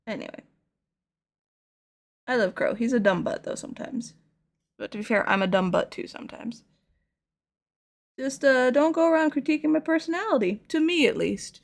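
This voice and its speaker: A woman's voice: high voice, moderate pace, vocal fry, long pauses. A young woman chatting casually and playfully while painting figures on stream, rambling through stories. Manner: rambling, playful, animated storytelling. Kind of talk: casual chat while crafting.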